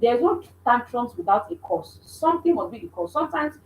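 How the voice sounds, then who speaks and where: Woman, parenting coach, earnest and repetitive delivery, higher voice, faint room hum. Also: big pitch swings, brisk. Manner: earnest, repeats points, frequent restarts. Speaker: mother. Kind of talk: instructive parenting talk. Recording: echoey room.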